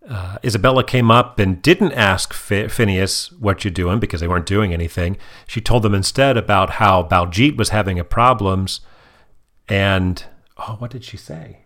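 A man's voice: on the low side, fairly bright tone. A man co-hosting a casual chat, recapping cartoon scenes in a playful way and acting out quotes. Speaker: podcast co-host reviewing cartoon episodes.

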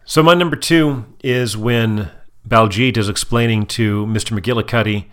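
A man's voice: lowish voice, normal speed. A man co-hosting a casual chat, recapping cartoon scenes in a playful way and acting out quotes. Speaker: podcast co-host reviewing cartoon episodes.

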